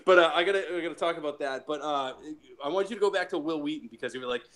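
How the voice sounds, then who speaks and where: A man's voice: on the high side, very fast, heavy background noise. A man from Massachusetts, a podcast guest, rambling in casual profane chat with many restarts and laughs.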